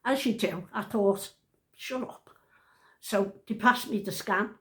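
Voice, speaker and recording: A woman's voice: medium pitch, a little slow, fairly bright tone, echoey room. Chatty nan in her 70s, rambles, keeps cutting herself off, just talking at home. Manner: chatty, rambling, self-interrupting. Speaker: vlogger telling a family story. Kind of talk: casual storytelling to camera.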